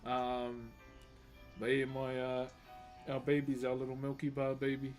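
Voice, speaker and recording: A man's voice: medium pitch, monotone, a little slow, a little mellow, faint music behind. A man with a New Zealand accent chatting casually on a live stream while he works. He is laid-back, reads viewer comments aloud, laughs often and calls people "bro" constantly. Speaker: livestreaming wood carver.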